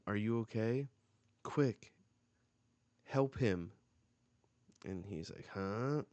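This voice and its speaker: A man's voice: fairly low pitch, very slow, long pauses, darkish tone, no echo. A man hosting a live reaction, reading comic dialogue aloud and reacting as he goes. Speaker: manga reaction host.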